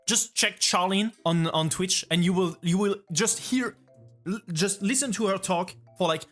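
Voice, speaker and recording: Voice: mid-range voice, a little slow, fairly bright tone, soft background music. A speaker from France with a French accent, casually reacting to a video as a vtuber, rambling and restarting phrases while thinking aloud.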